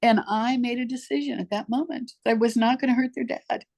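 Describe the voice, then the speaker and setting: A woman's voice: a little high, fairly even intonation, fairly quick, vocal fry, a little mellow. An older woman, a podcast guest, recounting her life story in an emphatic, repetitive way. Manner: emphatic, repeats herself for weight. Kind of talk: personal storytelling in conversation.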